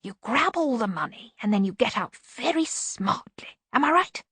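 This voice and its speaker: A woman reading an audiobook voices a neat, precise veteran thief with a soft, half-whispered voice. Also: a little high, big pitch swings, moderate pace, breathy edge, no echo, pitched above the performer's own voice, heavily acted. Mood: calm. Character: neat, precise older thief, calm and fussy.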